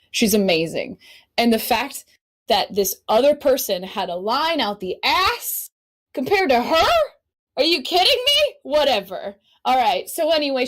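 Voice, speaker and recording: A woman guest on a podcast telling stories in a casual, animated way, laughing often and swearing freely. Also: medium pitch. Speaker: podcast guest, cosplay model. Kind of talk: casual storytelling chat.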